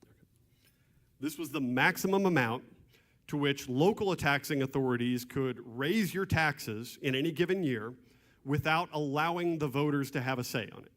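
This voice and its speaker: A man giving an explanatory lecture with slides to an audience, halting, with frequent restarts and throat clearing. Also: a little high, a bit bright. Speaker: presenter at a church civics class. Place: meeting room with an audience. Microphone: microphone.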